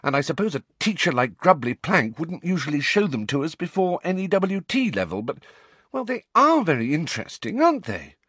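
A man's voice: fairly high pitch, sing-song, brisk, a bit bright, slightly rough, dry recording, pitched above the performer's own voice, exaggerated voice. A man voicing an indignant, clever teenage schoolgirl in an audiobook.

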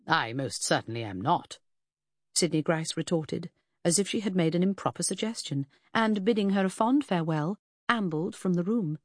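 A woman narrating a first-person audiobook in a measured, expressive way. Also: on the low side, dry recording, clean studio sound.

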